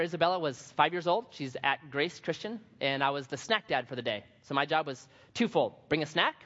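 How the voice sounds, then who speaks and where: Brief: male pastor, fairly high voice, animated storyteller, dull recording from a church hall with long reverb. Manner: animated, humorous storytelling with emphatic repetition. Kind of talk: sermon.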